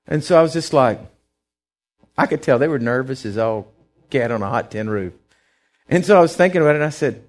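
A middle-aged male preacher giving a sermon, telling stories and swinging from quiet asides to loud, emphatic lines. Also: medium pitch, animated, brisk.

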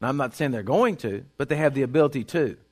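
A man's voice: mid-range voice, lively intonation, fast talker. A man preaching a sermon in an emphatic, folksy way, repeating his points and reading Bible verses aloud.

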